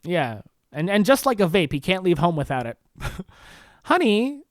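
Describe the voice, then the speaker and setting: A young man doing a sarcastic solo comedy monologue, his pitch swinging widely as he plays mock-pleading and mock-concerned. It is a dry, close podcast recording with no room sound. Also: big pitch swings, normal speed, no echo. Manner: sarcastic, mock-pleading, laughing at own jokes. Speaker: podcast host.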